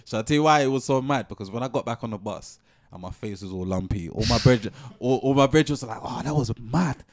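A young man, telling a story on a podcast in animated slang. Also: mid-range voice, fast, no echo, clean studio sound. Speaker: podcast co-host. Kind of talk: casual storytelling chat.

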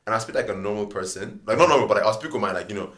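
A young man in casual podcast chat, animated and laughing as he tells jokey stories. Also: fairly low pitch, racing. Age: young adult.

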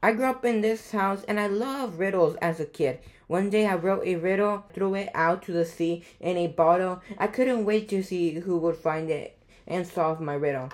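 A woman's voice: fairly low pitch, normal speed, natural voice. A woman reading as a kindly old riddle-lover. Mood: warm. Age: older. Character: kindly older woman who loves riddles.

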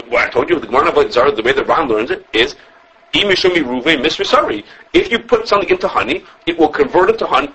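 Man teaching a class, fast, lively pitch, bright breathy tone, lo-fi recording. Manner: animated, fast, many restarts, quotes sources in voices. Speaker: Torah teacher. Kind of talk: informal halachic class.

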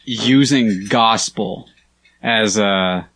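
A man's voice: on the low side, drawn-out words, fairly bright tone, dry recording. Male podcast guest, hesitant, dry humor, goes on tangents. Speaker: podcast guest, aspiring pastor. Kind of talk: casual chat.

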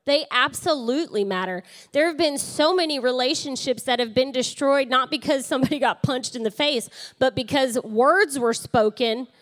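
A woman's voice: sits high, fairly bright tone. Chatty, laughing woman preaching a sermon. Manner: chatty, laughing storyteller turning earnest. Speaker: pastor. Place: church.

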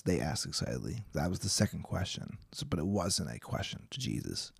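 A man's voice: low-pitched, animated, quick pace, gravelly, few pauses, breathy edge, no echo, studio quality. A young man hosting a Bible study podcast, reading scripture and chatting casually with jokes and frequent restarts. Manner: chatty, jokey, self-interrupting.

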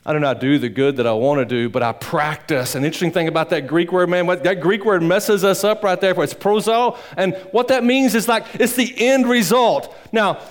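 A male pastor preaching a sermon in church, swinging between loud emphatic peaks and low quiet asides, with a rambling, folksy delivery. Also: fairly quick, few pauses. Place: church sanctuary.

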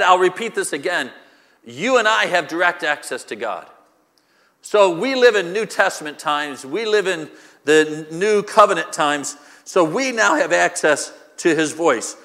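Male pastor preaching with repetitive rhetorical questions; high, bright voice in a reverberant church hall. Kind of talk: sermon.

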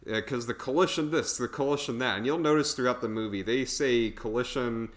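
A man's voice: medium pitch, a little fast. A man casually reviewing a bad film on a podcast, rambling with lots of fillers and laughs. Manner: rambling, filler-heavy, laughs at own jokes. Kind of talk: casual chat.

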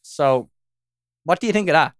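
Smooth-voiced man rambling. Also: a little high, animated, moderate pace, dry recording, clean studio sound. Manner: rambling, peppered with "you know what I mean". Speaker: podcast co-host. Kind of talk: casual chat.

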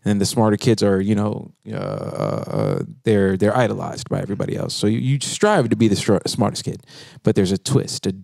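A man's voice: on the low side, expressive, brisk, creaky, a little mellow, dry recording. A man in a casual podcast chat, laid-back and slangy, rambling as he talks in a studio.

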